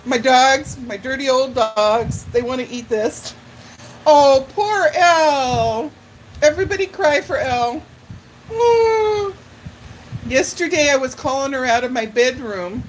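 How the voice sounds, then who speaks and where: A middle-aged woman with a somewhat high voice chats her way through viewer comments on her live stream, calling people by name and wandering from story to story. She takes her time, talking at an unhurried, drawn-out pace. A faint hiss of noise sits under her voice. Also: poor audio. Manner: chatty and rambling, addresses viewers by name. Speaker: livestream host. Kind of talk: casual chat answering viewer comments.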